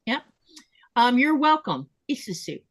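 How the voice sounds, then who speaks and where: A chatty woman hosts a relaxed podcast conversation, her voice sitting a little high. She slows down to spell out pronunciations and repeats words carefully. The sound is close and dry, with no room echo. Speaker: podcast host. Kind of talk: casual chat.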